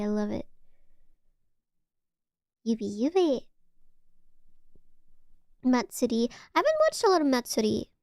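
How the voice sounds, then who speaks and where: Chatty high-voiced woman streamer. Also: creaky, a little mellow, dry recording, studio quality. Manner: chatty, stammering restarts, gushing. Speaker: VTuber streamer. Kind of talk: casual chat with live chat.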